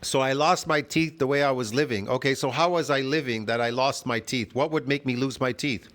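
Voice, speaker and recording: A man's voice: mid-range voice, a little fast, fairly bright tone. A man talking back to a video in argumentative reaction commentary, combative and scoffing, laughing at times and asking "get it?". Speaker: fitness vlogger reacting to a video.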